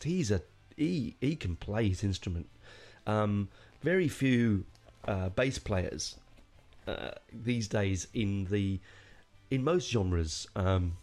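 A man's voice: on the low side, a little mellow. A man hosting a podcast, casually reviewing a metal album in an enthusiastic, rambling way with jokey asides.

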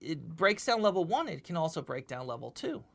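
A woman's voice: sits low, fairly quick, gravelly. A woman giving a spiritual lecture and answering questions, talking with lots of repeated words and frequent "okay?" checks. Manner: animated, repeats words, often asks "okay?". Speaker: spiritual teacher.

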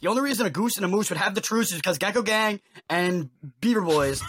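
Joking young man, husky high voice. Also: lively intonation, fast talker, fairly bright tone, no room sound, studio quality. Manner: joking, laughs often. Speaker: player. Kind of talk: casual chat.

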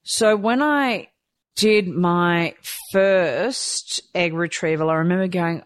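A woman's voice: fairly low pitch, slow, dry recording. A woman, candidly telling a personal story and acting out her own thoughts. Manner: animated, acts out her own quoted thoughts. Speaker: storyteller sharing a personal experience.

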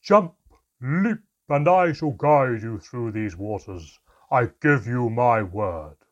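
A man voicing a commanding, tiny female mermaid in an audiobook reading, speaking in an imperious, sharp manner. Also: on the low side, takes it slowly, breathy edge, highs cut off. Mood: booming.

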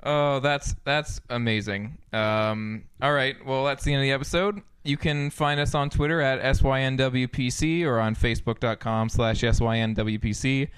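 A man's voice: mid-range voice, steady tone, moderate pace, hardly any pauses, fairly bright tone, smooth, no echo. A man co-hosting a casual comedy podcast, laughing often as he wraps up the episode. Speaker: podcast co-host.

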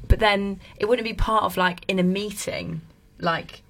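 A woman's voice: mid-range voice, fairly even intonation, unhurried, a bit bright. A woman talking in a casual chat, thoughtful and searching for her words.

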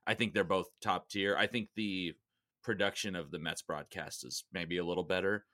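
A man co-hosting a casual podcast chat with relaxed, rambling asides. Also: sits low, normal speed, dry recording, clean studio sound. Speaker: podcast co-host.

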